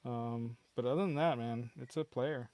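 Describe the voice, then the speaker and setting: A man's voice: medium pitch, moderate pace, dark tone, no room sound. Rambling, chuckling man hosting a stream. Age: middle-aged. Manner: rambling, chuckling, lots of fillers. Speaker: show host. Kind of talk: casual livestream chat.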